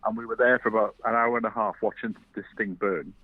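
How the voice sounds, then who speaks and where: A man from London phones in, his lowish voice coming through a tinny, dry phone line. He tells his story steadily, pausing now and then to find the words. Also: slightly rough, no echo. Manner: steady, anecdotal, slightly halting. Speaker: caller.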